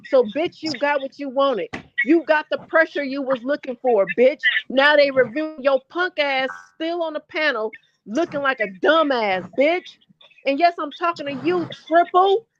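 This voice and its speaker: A woman's voice: sits high, fairly bright tone, dull audio, slight background noise. A woman co-hosting a livestream, ranting bluntly and with heavy profanity. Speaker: livestream co-host. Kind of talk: heated live-stream commentary.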